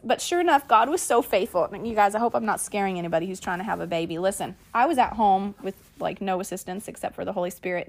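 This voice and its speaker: A woman podcast host, telling a personal story in a lively way and calling her listeners y'all and guys. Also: mid-range voice. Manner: animated, acts out quoted lines.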